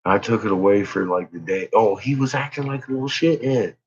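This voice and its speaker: A middle-aged father and vlogger tells casual stories about his son, laughing often and swearing freely. His voice is lowish and brisk. The sound is dull and lo-fi.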